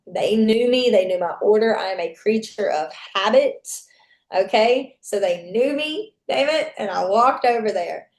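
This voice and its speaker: A young woman, a podcast guest, recounts her story plainly and openly, cursing without a second thought and acting out the lines of everyone involved. Her voice sits at an ordinary middle pitch and echoes around the room she is recorded in. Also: lively intonation, measured pace, a little mellow. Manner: candid, profane, reenacts dialogue. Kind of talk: personal storytelling.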